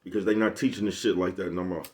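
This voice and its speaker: A man's voice: sits low, fairly even intonation, quick pace, darkish tone, slight background noise. A man with a Bay Area accent talking casually to camera in a slangy, rambling monologue and laughing often. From San Francisco Bay Area. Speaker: vlogger.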